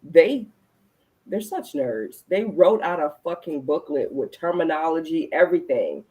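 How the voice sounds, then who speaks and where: Woman host, low pitch, very lively swings in her voice, animated storyteller, casual profanity. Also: a little slow, low-quality recording. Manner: animated storyteller, acts out her own reactions, swears freely. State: recalls being pregnant at the time, not now. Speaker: podcast host. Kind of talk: casual adult chat.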